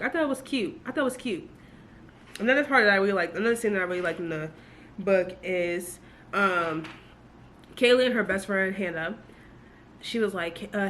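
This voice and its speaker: A woman giving a casual, animated book review, gushing and full of asides as she talks to her viewers. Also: mid-range voice, a little fast, a little hiss or hum.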